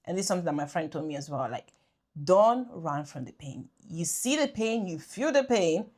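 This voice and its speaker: A young woman in her twenties hosts a casual faith-centred conversation. Her voice sits a little low, and she speaks in a reflective, encouraging way, often affirming her guest. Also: expressive, normal speed, darkish tone. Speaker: podcast host.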